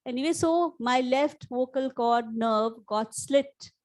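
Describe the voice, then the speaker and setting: A middle-aged woman with an Indian English accent and a slightly husky voice, telling a personal story in an earnest motivational talk to a live audience. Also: sits high, slow pace, low-quality recording. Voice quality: slightly husky after vocal cord damage. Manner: earnest storytelling, rising emphasis on key points. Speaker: life coach. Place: conference hall before a live audience.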